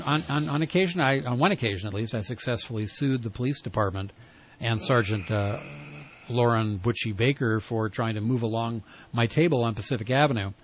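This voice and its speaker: A man hosting a casual talk show, speaking in a rambling, halting way with frequent restarts. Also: fairly low pitch, dull audio. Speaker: talk radio host. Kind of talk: casual conversational interview.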